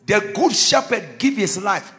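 A man preaching a Christmas sermon to a church, fervent and swinging from quiet lines into sudden shouts. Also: high voice, sing-song, unhurried. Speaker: pastor.

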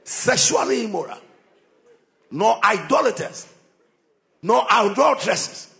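High-voiced shouting preacher man. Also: expressive, takes it slowly, gravelly. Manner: impassioned, often shouting, with sing-song cadences. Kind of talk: sermon.

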